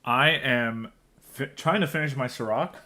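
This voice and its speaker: A man's voice: medium pitch, a little slow, pushed and bright. A man co-hosting a podcast, joking wryly in casual chat. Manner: wry, joking. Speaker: podcast co-host.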